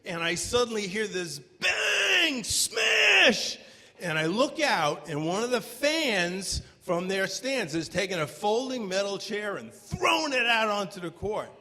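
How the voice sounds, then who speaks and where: Lively high-voiced man telling a story on stage. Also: takes it slowly. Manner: animated, bursts into shouts at tense moments. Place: stage before a live audience. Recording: long hall reverb from a live venue.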